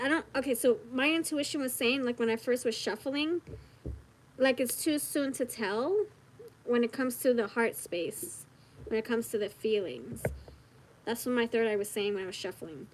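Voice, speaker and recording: A woman giving a casual tarot reading straight to the viewer, chatty and giggly, thinking out loud as she goes. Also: on the high side, low-quality recording. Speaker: tarot reader.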